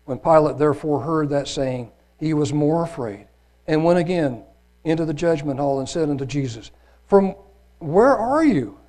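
A man's voice: on the high side, normal speed, dark tone. A man preaching a sermon, reading scripture aloud in an earnest, grave way with a few restarts.

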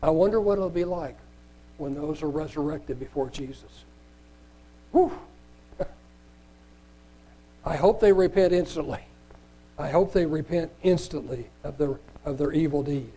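A man's voice: fairly high pitch, measured pace, long pauses, dark tone, low-quality recording. A man preaching, reading scripture aloud and adding earnest, emphatic comments with small restarts.

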